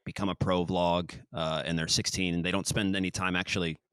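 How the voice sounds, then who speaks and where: A man's voice: low-pitched, a little fast, clear, resonant tone, dry recording. A man hosting a podcast, talking casually and rambling, often acting out quotes. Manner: rambling, animated, acts out quotes. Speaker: podcast host. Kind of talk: casual chat.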